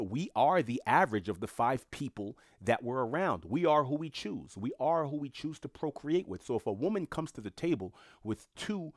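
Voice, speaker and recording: A man's voice: medium pitch, no echo, clean studio sound. A man giving a blunt, emphatic monologue, often repeating words for stress. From Haitian family. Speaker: commentator. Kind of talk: casual monologue commentary.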